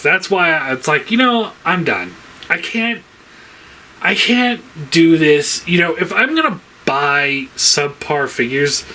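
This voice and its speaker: A man vents in a casual vlog, rambling through fillers and dropping frequent curses as his frustration builds. His voice sits a bit high and sounds bright, with a faint hiss in the background. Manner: frustrated, swears a lot, rambling with many fillers. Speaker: toy collector vlogger. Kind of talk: casual ranting monologue.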